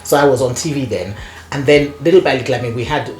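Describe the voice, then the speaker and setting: A woman guest telling stories in casual conversation, animated and laughing often, with lots of "you know" fillers. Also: extremely low pitch, fast talker, faint music behind. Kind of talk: conversational storytelling. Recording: echoey room.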